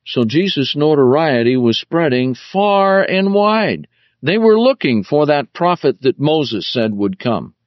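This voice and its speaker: A man teaching through the Bible verse by verse, deliberate, stressing key words as he explains them. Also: medium pitch, dry recording, lo-fi sound.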